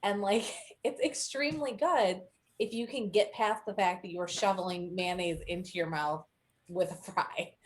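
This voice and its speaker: A woman co-hosting a casual podcast chat, chatty and quick to laugh, telling rambling anecdotes. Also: fairly low pitch. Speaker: podcast co-host.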